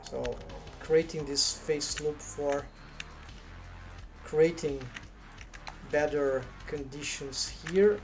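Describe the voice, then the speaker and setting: Slow, hesitant man thinking aloud. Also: on the high side, steady tone, vocal fry, soft background music. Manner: hesitant, muttering half-finished thoughts. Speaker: 3D artist streaming his work. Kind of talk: thinking aloud while modeling.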